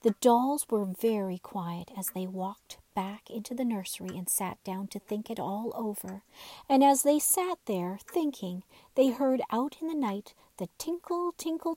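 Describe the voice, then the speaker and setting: A woman reading a classic children's bedtime story aloud in a gentle, unhurried way, sometimes dropping to a soft whisper. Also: on the high side, dry recording.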